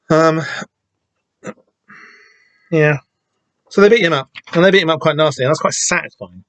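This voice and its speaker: A man's voice: on the high side, moderate pace, pauses often, a bit bright, no echo. Hesitant man with a dry voice. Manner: hesitant, lots of restarts and casual swearing. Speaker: podcast host discussing a comic. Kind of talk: casual rambling commentary.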